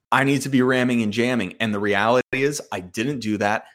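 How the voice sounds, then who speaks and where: A man hosts a solo podcast in a mid-pitched voice. He tells his story in an animated way and pokes fun at himself as he goes. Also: fairly quick, hardly any pauses. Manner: self-mocking, animated storytelling. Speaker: podcast host. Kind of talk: solo podcast hand review.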